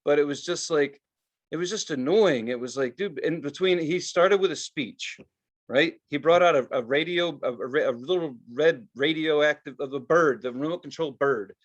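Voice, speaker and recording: A man's voice: on the high side, moderate pace. A man co-hosting a podcast, telling a story in a casual, exasperated rant full of swearing. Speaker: podcast co-host. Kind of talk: casual ranting chat.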